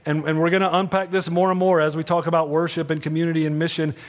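A middle-aged male pastor delivers an earnest, conversational sermon, often checking in with the congregation. His voice sits a little high for a man and turns soft and hushed when he quotes words of comfort. A long church reverb trails behind every phrase. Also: level tone, fast. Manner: earnest, conversational preaching with frequent "right?" asides. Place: church sanctuary.

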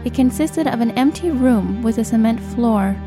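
A woman narrating an audiobook in a measured, dramatic style. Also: a little high, animated, over music. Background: cinematic score.

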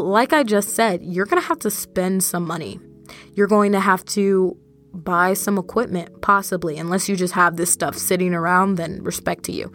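A young woman hosting her own podcast, talking casually and directly to her listeners in a relaxed, chatty monologue. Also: medium pitch. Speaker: podcast host.

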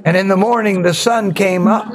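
A man telling a folktale in an improvised, slow and measured storytelling manner. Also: high voice, fairly even intonation, loud music behind the voice, poor audio. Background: veena accompaniment.

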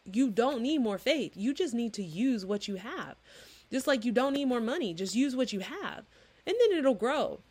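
A woman in her thirties preaching in a casual, chatty way, earnest and animated as she acts out little dialogues. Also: medium pitch. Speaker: Christian podcast host. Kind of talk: informal preaching monologue.

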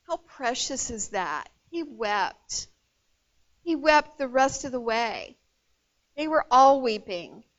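A woman's voice: fairly high pitch, dull audio. A woman preaching a sermon, emphatic and emotional, calling out to her congregation. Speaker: pastor.

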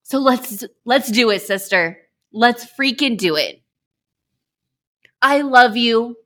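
A woman's voice: fairly high pitch, animated, slow pace, fairly bright tone. A woman hosting a motivational podcast, talking in a gushing, emphatic way and swearing for emphasis. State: emotional, near tears. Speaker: podcast host.

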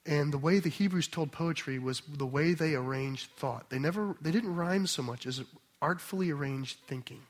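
A man's voice: a little high, normal speed. Emphatic man teaching a sermon. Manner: conversational, emphatic, checks in with "okay?". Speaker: pastor.

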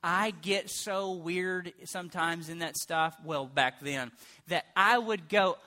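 Male pastor, middle-aged, very bright tone, storytelling sermon with loud comic bursts. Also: high voice, slow pace. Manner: animated, comic storytelling with sudden loud bursts and mock prayer voices.

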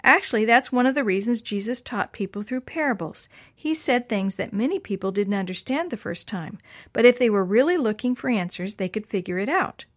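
Woman reading as a gentle patient schoolteacher. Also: a little high, animated, brisk, no echo, studio quality. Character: kind patient female schoolteacher. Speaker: teacher in a Sunday-school story.

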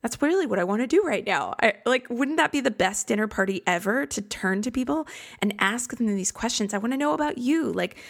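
Chatty woman with a gravelly low voice. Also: expressive, fairly quick. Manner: chatty, reflective, self-deprecating. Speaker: podcast host. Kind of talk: casual solo podcast talk. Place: home studio in a converted garage.

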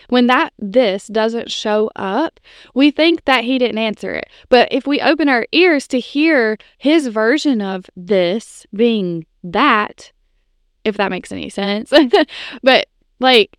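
A woman's voice: fairly high pitch, slow, clear, resonant tone, no echo, studio quality. A woman in her thirties hosting a podcast, telling a personal faith story in a casual, chatty way with frequent "like" and "you know". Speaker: podcast host.

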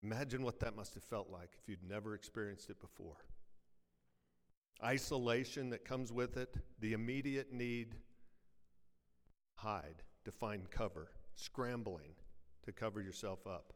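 A man with a slightly low voice preaches a sermon in a church sanctuary, pressing his listeners with rhetorical questions and light jokes. He sinks to a quiet hush on his heavier lines. A long reverb from the big hall trails every word. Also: a little slow. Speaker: pastor.

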